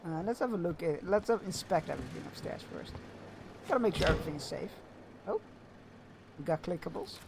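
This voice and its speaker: A man's voice: fairly high pitch, lively intonation, fairly quick, gravelly, pauses often, background noise. A man streaming a video game, chatting casually and musing aloud, with frequent fillers and chuckles. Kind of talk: casual gameplay commentary.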